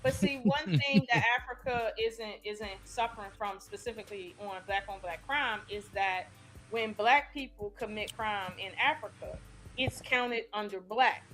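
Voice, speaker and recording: A woman's voice: medium pitch, moderate pace, a bit bright, soft background music. A woman on a live-stream panel, arguing her point emphatically in casual debate. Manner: argumentative, emphatic.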